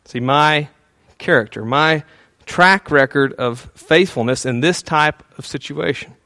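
A male pastor preaching a sermon in a relaxed, conversational way, with frequent fillers and small chuckles, dropping to a soft, hushed tone when he prays. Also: on the high side, a little slow, no room sound.

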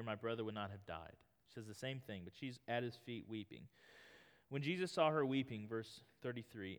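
A man in his thirties preaching a sermon, reading scripture and talking in an earnest, conversational way. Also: medium pitch. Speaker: pastor. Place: church sanctuary. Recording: long hall reverb.

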